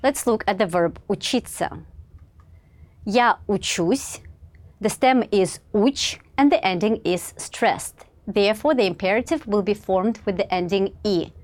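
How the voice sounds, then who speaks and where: Woman reading a measured grammar lesson. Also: mid-range voice, a little mellow. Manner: measured, clear, pauses after each example word. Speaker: language teacher. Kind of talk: scripted grammar lesson narration.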